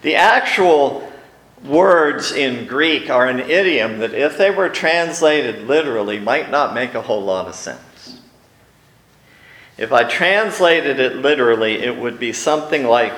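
Speaking a little slowly in an expressive, medium-pitched, fairly bright voice, a male pastor tells stories during a sermon. He raises his voice to act out the quoted lines, and the church sanctuary adds reverberation.

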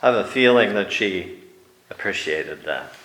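Male preacher, sermon, slow measured delivery, roomy echo. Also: lowish voice. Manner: slow, deliberate, animated when dramatizing.

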